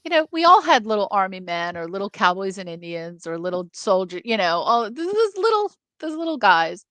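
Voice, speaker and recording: A woman co-hosting a casual film discussion, animated and jumping into movie lines. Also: a little fast, dry recording. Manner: animated, acts out movie lines with sudden pitch jumps. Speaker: film review co-host.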